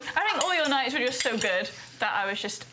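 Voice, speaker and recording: Woman host, nervous and self-deprecating, higher voice, dishes clinking behind. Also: sing-song, a little fast, pushed and bright, a little hiss or hum, poor audio. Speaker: dinner party host. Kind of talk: casual chat at a dinner table. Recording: clattering cutlery and dishes behind.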